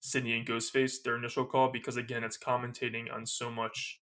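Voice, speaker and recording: A man's voice: medium pitch, completely flat delivery, fairly quick, fairly bright tone. A man co-hosting a podcast, recapping a movie scene in casual chat, quoting its lines and laughing often. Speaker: podcast co-host.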